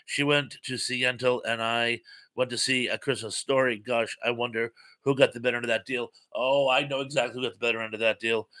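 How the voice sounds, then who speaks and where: A man talks casually on his own live stream, reading viewer comments and reacting to them. His voice is bright and forward, at an ordinary pitch for a man. He rambles loosely and drops in frequent ums and uhs.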